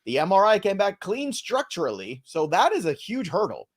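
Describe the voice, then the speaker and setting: This man has a high voice whose pitch swoops wildly. He co-hosts a live fantasy baseball stream, trading loose, joking banter and quick asides between player updates.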